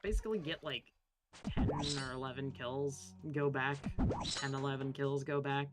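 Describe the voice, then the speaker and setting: A woman's voice: very deep voice, fairly even intonation, normal speed, very noisy. A woman chatting while playing a game with a friend, blunt and casual, swearing and thinking aloud as she plays. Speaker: co-player guest. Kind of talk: casual chat while gaming.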